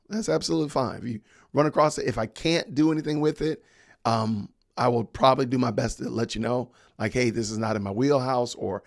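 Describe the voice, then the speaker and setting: Reading viewer comments aloud and laughing a lot, a man casually chats while hosting a podcast livestream. His medium-pitched voice is creaky, and the studio-quality sound has no room sound.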